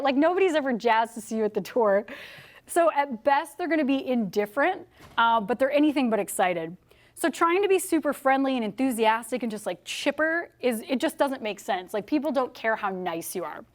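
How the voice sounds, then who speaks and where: Animated, profane woman giving a sales talk. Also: on the high side. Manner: animated, profane, laughs often, acts out quoted people. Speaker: sales trainer. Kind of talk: motivational speech to a live audience.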